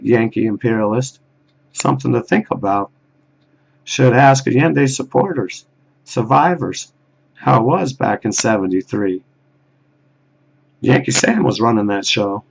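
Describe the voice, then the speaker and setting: A man talking in a rambling solo monologue, with a halting, muttered delivery and soft chuckles. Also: mid-range voice, creaky, slightly rough, muffled recording. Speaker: video blogger.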